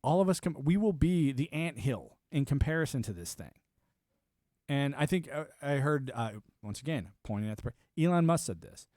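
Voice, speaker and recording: A middle-aged man talks into a desk mic at home, and his voice sits at an ordinary middle pitch. He rants bluntly and profanely, rambling from aside to aside. The sound is dry and close, with no room echo. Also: lively intonation, normal speed, darkish tone. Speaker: streamer. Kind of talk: political rant on a livestream.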